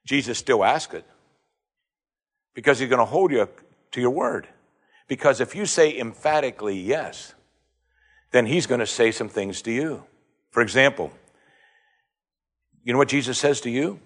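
A man preaching a sermon, firing rhetorical questions, rising to emphatic high points and dropping low again. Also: animated, measured pace, long pauses, breathy edge.

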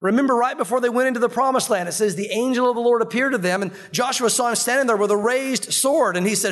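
A man preaching a sermon as pastor, telling stories in an animated way and acting out the voices of the people he quotes. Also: extremely high pitch, quick pace, hardly any pauses.

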